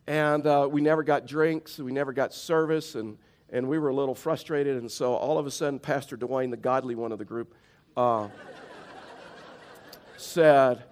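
A man's voice: medium pitch, a little slow, darkish tone. Man, storytelling pastor. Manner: conversational storytelling, plain-spoken. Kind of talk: sermon.

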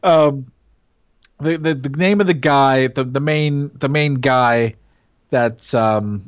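A man in casual conversation, animated, laughing often and slipping into mimicry. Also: mid-range voice, takes it slowly, dry recording, studio quality. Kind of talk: casual chat.

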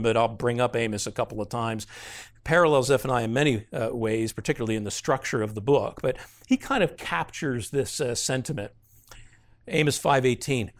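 A man with a mid-range voice works through a book of the Bible, reading passages aloud and explaining them. His manner is earnest and conversational, full of "uh" fillers and sudden stress on key words.

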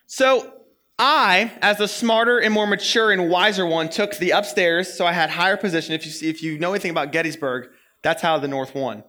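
Bright-voiced young man preaching. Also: high-pitched. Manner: animated storyteller, playful and quick. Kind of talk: sermon with personal story.

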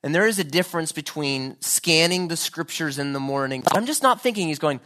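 A man's voice: on the high side, fairly quick, pushed and bright. Earnest male preacher, rising to fervor. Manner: earnest, rising to fervent pleading. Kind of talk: sermon.

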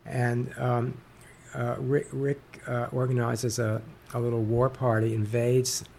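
Guy in an interview, gravelly voice, lots of ums and restarts. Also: medium pitch, flat delivery, darkish tone, a little hiss or hum. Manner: halting, many fillers and restarts. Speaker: author guest. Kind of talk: interview conversation.

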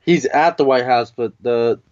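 A man's voice: medium pitch, a little slow, darkish tone, dry recording. A man co-hosting a podcast in a laid-back, teasing casual chat. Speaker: podcast co-host. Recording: dull lo-fi sound.

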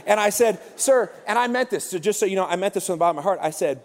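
A man preaching a sermon as comic storytelling, animated and breaking into shouted bursts. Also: high-pitched, fast, hardly any pauses. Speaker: pastor. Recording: long hall reverb.

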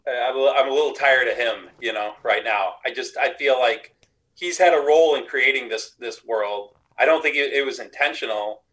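A man co-hosts a relaxed podcast conversation. He speaks haltingly, starting over and hedging before he lands a point. Nothing about the voice itself stands out. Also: medium pitch, poor audio. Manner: hesitant, halting. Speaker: podcast co-host. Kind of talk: casual chat.

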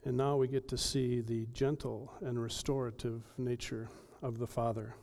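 Man, pastor, sermon, earnest, emphatic, mellow voice, mid pitch. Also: little pitch movement. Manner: earnest, emphatic, with dramatic pauses.

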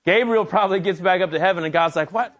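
High-voiced, animated male preacher. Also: fast, lo-fi sound. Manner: animated, conversational storytelling. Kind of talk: sermon.

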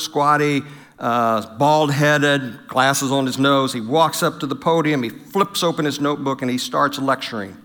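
This middle-aged pastor has a bright, forceful, mid-range voice. He gives a humorous church talk on marriage, telling stories laced with self-deprecating jokes and acting out quoted lines.

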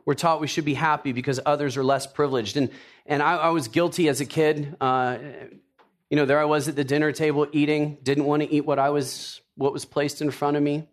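A middle-aged man preaching a sermon, telling personal stories with jokey asides in an animated way. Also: on the high side, a little fast. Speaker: pastor.

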